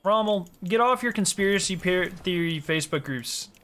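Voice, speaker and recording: A man's voice: high-pitched, expressive, normal speed, a bit bright, soft background music. A young man streaming a game, chatting casually with his viewers, joking and swearing as he laughs often. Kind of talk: casual live-stream chat.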